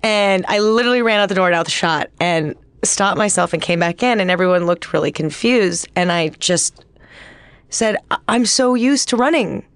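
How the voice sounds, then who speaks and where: A woman's voice: on the low side, normal speed, smooth, no room sound. Young woman rambling thru a story, giggles a lot, um-ing, dry close sound. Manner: animated storytelling, laughs often, many fillers. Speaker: actress and guest. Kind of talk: casual chat.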